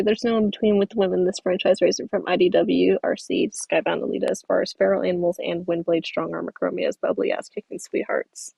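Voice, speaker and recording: A woman's voice: medium pitch, steady tone, a little fast, gravelly, darkish tone, husky, dry recording, rough recording. A woman streaming as she edits a stop-motion video, talking casually and answering viewer comments while she works. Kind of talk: casual livestream chat.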